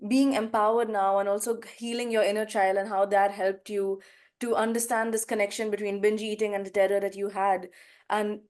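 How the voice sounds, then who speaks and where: A woman's voice: mid-range voice, level tone, fairly quick, a little mellow. A woman hosting a podcast interview, affirming and effusive as she asks questions. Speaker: podcast host.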